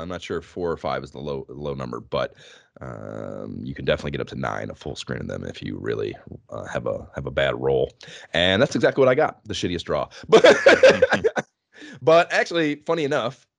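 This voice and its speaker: A man co-hosting a casual gaming podcast, animated and laughing often as he tells stories. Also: extremely low pitch, moderate pace, vocal fry, no room sound. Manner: animated, laughing, swearing freely. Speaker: podcast co-host.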